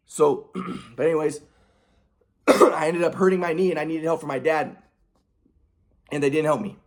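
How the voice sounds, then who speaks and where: A man's voice: on the high side, fairly even intonation, normal speed, pauses often. A man in his thirties telling a personal story in a vlog, rambling and aggrieved, often repeating words and restarting his sentences. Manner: aggrieved, heated. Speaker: vlogger.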